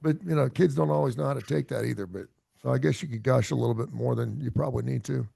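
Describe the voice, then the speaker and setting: A man's voice: mid-range voice, fast, vocal fry, dark tone, husky, dry recording. A middle-aged man hosting a radio talk show, chatting casually in a rambling, self-deprecating way full of fillers and restarts. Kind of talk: casual chat.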